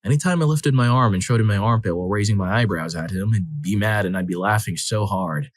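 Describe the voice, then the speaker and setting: Low-voiced man narrating stories, dry sound. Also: fast, no echo. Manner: expressive, dramatic reading with acted quotes. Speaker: story narrator. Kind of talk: scripted narration of reader stories.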